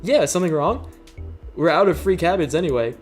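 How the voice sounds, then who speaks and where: A man's voice: fairly high pitch, expressive, brisk, faint music behind, natural voice. A man voicing a stern female camp leader in a bossy, mock-polite way.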